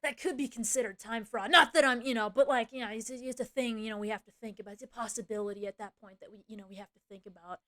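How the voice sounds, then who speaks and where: A woman's voice: fairly high pitch, steady tone, fast talker, few pauses, pushed and bright. A woman voicing a smug, condescending male retail boss who hedges as he talks. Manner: condescending, hedging.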